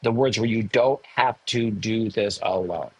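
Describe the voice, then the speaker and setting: A man in his sixties, a podcast guest, telling a personal story candidly, emotional and animated with self-mocking asides. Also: fairly low pitch, unhurried, slightly rough, rough recording. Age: 60s. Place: home in the hills above a large city.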